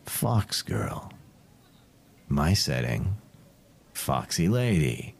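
A man's voice: a bass voice, big pitch swings, very slow, gravelly, darkish tone, husky. A man narrating as game master of a tabletop game, playful and self-mocking. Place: home streaming setup.

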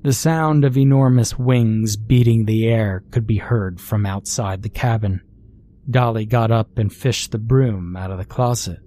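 Dark-voiced male horror narrator. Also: on the low side, steady tone, a little slow.

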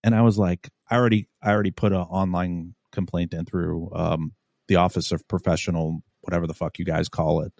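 A man with a low voice hosts a podcast and tells a story in casual chat. He swears freely and acts out the people in it with loud, animated bursts. The sound is dry and close to the mic. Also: a little fast, creaky, no echo. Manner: animated, swears a lot, acts out quotes loudly. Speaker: podcast host.

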